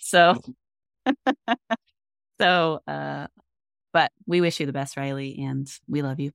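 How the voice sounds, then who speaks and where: A young woman with a low, smooth, resonant voice, chatting upbeat on a podcast. She tells little stories with plenty of enthusiasm, recorded close and dry. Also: slow, no echo. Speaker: podcast co-host. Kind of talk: casual chat.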